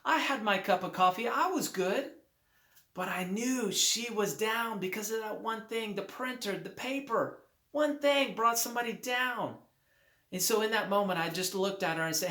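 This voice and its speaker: A man who writes motivational books telling a personal anecdote to his viewers in an upbeat, lively way with emphatic repetition. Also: sits high, measured pace. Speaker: motivational author. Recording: roomy echo.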